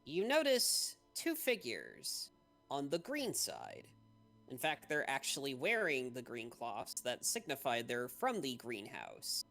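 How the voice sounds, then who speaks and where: Game master, tabletop narration, slow, animated pitch, descriptive. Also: soft background music. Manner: descriptive, hesitant with fillers.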